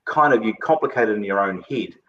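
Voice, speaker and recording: A man's voice: on the low side, lively intonation, fast, a bit bright, muffled recording. A man hosting a casual online webinar chat, rambling along with lots of filler words. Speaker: host.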